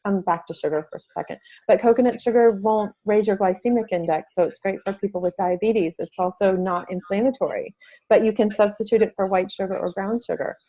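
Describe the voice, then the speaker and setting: Speaking a little fast, the middle-aged woman has a medium-pitched, mellow voice on a low-quality recording. As an interview guest and parent advocate, she talks earnestly and at length, restarting often.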